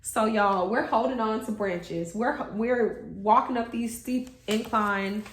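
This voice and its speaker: Slow-paced and on the high side, her voice carries a story to her viewers in casual vlog chat. The young woman curses openly, performs other people's lines with animation, and the room gives the audio an echo.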